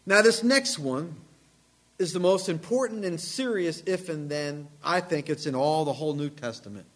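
A man delivers a sermon in a church, his voice sitting high for a man. He drives home points with sudden loud emphasis and then pulls back to a hushed tone. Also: moderate pace. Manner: emphatic, dramatic swings in volume and pitch. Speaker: pastor.

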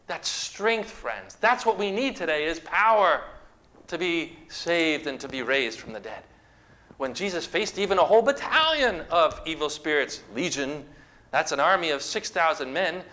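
A man's voice: on the high side, expressive, moderate pace, bright, forceful tone. A man preaching a sermon, retelling scripture with dramatic, emphatic storytelling.

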